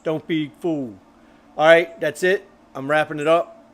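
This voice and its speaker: A man's voice: on the high side, fairly even intonation, unhurried. Rambling man chatting live. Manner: loose and rambling, with many fillers. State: out of breath. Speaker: host of a grilling live stream. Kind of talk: casual live-stream chat reading viewer comments.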